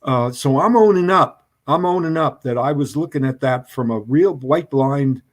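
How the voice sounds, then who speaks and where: A man speaking as a guest in a discussion, who talks haltingly with many hesitations and restarts. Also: mid-range voice. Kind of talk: conversational debate.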